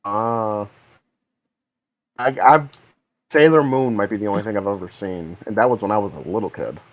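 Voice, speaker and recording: A man's voice: fairly low pitch, normal speed, dry recording, rough recording. A man co-hosting a podcast in casual chat, often hesitant and restarting his sentences. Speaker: podcast co-host.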